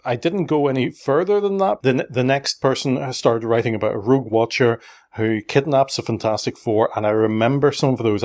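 A middle-aged man with a lowish, darkish voice hosts a casual family podcast. He's chatty, asks lots of questions, and often restarts his sentences.

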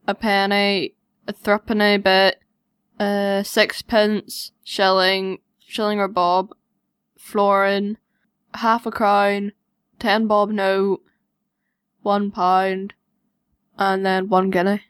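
A woman co-hosting a podcast, speaking in a deadpan way. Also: mid-range voice, slow pace, pauses often, clean tone, dry recording, clean studio sound. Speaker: podcast co-host. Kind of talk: casual podcast chat.

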